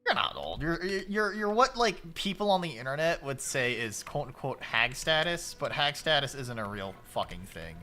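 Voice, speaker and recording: Lively, bright-voiced young man streaming. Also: a little high, moderate pace, hardly any pauses. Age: late 20s. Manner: loose, profane, yells at the game. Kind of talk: casual game-stream chat.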